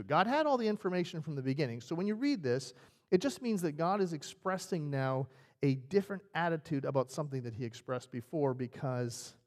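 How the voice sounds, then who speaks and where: A man's voice: fairly high pitch, a little mellow. A male pastor preaching a sermon in a conversational, storytelling way. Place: church sanctuary. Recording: reverberant church sanctuary.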